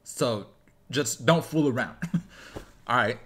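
A man hosts a casual music reaction, pausing the track to break down lyrics with bursts of excitement and laughter. His voice sits at a medium pitch, and he talks as if explaining to friends. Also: heavy background noise. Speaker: reaction video host.

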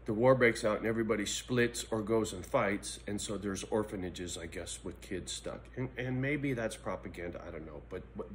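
A middle-aged man vlogging in a blunt, profane personal monologue that swings between angry ranting and quiet reflection. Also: fairly low pitch, moderate pace, hardly any pauses, slight background noise.

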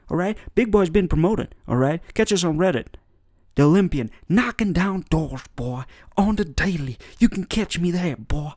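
A man's voice: high-pitched, animated, normal speed, a little mellow, dry recording. A man roasting online clips in a rambling, mock-preachy patter, his voice swinging widely up and down. The sound is dry and close, with no room behind it. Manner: rambling mock-preachy roast, full of "all right?" and "boy". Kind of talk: comedic reaction commentary.

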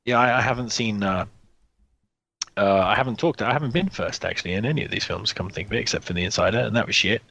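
A man's voice: on the low side, fast talker, gravelly, bright, forceful tone, highs cut off. A man co-hosting a podcast, chatting casually about films, blunt and swearing freely, with many restarts. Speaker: podcast co-host. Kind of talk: casual film chat.

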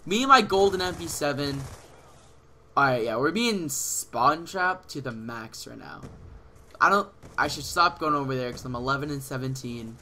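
A teenage man commentating his own gameplay casually, excitable and swearing, with sudden yells at other players, on a headset mic. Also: mid-range voice, normal speed, slight background noise. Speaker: gaming channel host.

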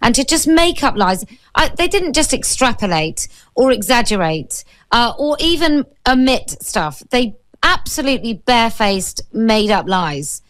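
A woman being interviewed as a guest on talk radio, speaking in an indignant and forceful way. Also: mid-range voice, no echo, rough recording. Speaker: studio guest.

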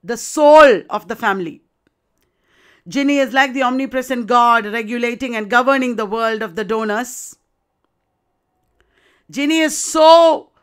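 A woman lecturer talks through a play in a steady, explanatory way, checking in with her listeners. Her voice is high and smooth, with a clear, resonant tone. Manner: explanatory, addressing students with rhetorical checks. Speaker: literature lecturer. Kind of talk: recorded literature lecture.

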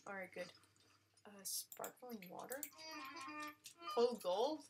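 A woman giving live gameplay commentary, excitable and gushing, with frequent exclamations and casual swearing. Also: medium pitch, slow pace, gravelly, over music. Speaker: let's player.

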